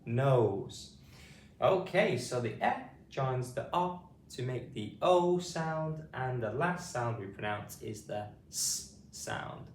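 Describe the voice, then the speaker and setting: A man with a British accent teaching a phonics lesson, saying each sound slowly and spelling it out letter by letter. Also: mid-range voice, animated. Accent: British English. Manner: slow, deliberate, repeats sounds and spells them out. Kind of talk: slow classroom phonics lesson. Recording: roomy sound from a distant mic, faint hiss.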